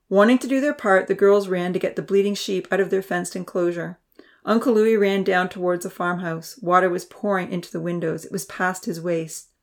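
Woman reading a storybook aloud. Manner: reads characters' lines with raised pitch and soft whispers. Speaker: narrator. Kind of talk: storybook narration.

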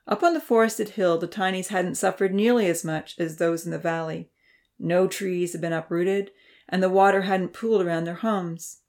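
A woman reading a children's novel aloud in a steady, measured narration. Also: on the low side. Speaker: audiobook narrator. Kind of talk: storybook narration.

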